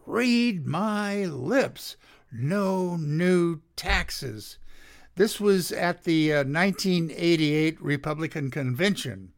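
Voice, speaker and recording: A man hosting a show, reading political commentary from his notes in a slow, sardonic way with many pauses, his throat drying out. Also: fairly high pitch. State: dry throat. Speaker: podcast host.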